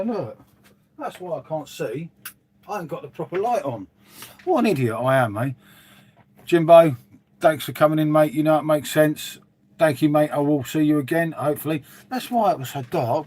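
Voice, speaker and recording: Hosting a casual stream from a dim room at home, this middle-aged man reads viewer comments and answers them, rambling on and saying "mate" a lot. His voice is slightly high and darkish, with lively intonation at a normal speed, and there's slight background noise.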